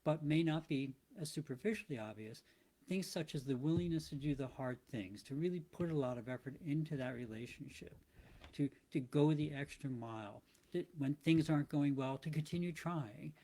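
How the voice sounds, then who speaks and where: A man's voice: a little high, normal speed, warm tone. A man hosting a motivational talk, thinking aloud in a casual, reflective monologue full of restarts. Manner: thoughtful, rambling, with frequent restarts. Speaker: motivational podcast host.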